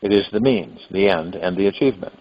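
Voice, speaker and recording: A deep-voiced, slightly rough man talks quickly while hosting a spiritual meditation call, rambling and musing before suddenly rising into acted-out quotes of what people might say. It comes over a phone line as dull, lo-fi call audio.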